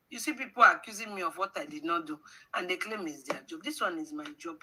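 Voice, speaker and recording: A woman with a Nigerian accent hosts a livestream, scolding her audience with rhetorical questions and lapsing into pidgin. Her medium-pitched voice is sharp and animated, she talks briskly, and the recording is rough.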